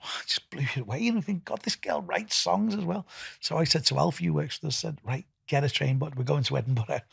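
A man's voice: mid-range voice, fast, vocal fry, breathy edge, no echo, clean studio sound. A middle-aged man with a Liverpool accent, being interviewed as a festival founder, rambling with lots of restarts and "you know". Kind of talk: casual interview talk.

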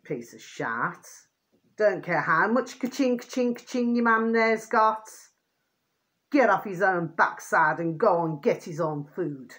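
Her voice is medium-pitched, slightly bright, and she takes her time. This woman vlogger rambles casually to her audience, circling back to favorite phrases, frequently annoyed and letting off steam, and checking in with "do you see what I mean."

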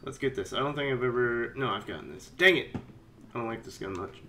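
A man giving casual let's-play commentary, rambling and chatty with sudden excited yelps. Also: medium pitch, a little fast, a little hiss or hum. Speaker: game commentator.

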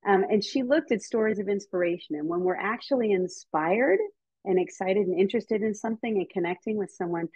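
An American woman giving a lively, chatty talk to teachers and parents over a video call, with frequent ums. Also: mid-range voice, brisk, breathy edge, dry recording. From United States. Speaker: speaker on child development. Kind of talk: casual lecture to teachers and parents. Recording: dull, slightly muffled video call audio.

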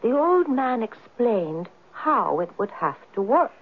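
A woman's voice: a little high, sing-song, takes it slowly, a little hiss or hum, heavily acted. An actress playing a spirited young Irish woman recounting a tale in a 1970s radio drama. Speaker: Katie O'Neill. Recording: tinny lo-fi old radio broadcast.

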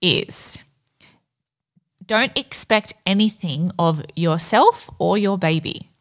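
Measured woman co-hosting a casual chat. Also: fairly low pitch, expressive. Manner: measured, thoughtful, frequent fillers. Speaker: podcast co-host.

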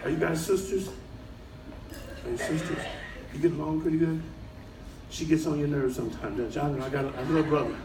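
A man doing stand-up comedy to a live audience, animated and bursting into shouted punchlines. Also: a little high, brisk, pauses often, heavy background noise. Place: cruise ship showroom, live audience. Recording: echoey room, far mic, crowd laughter.

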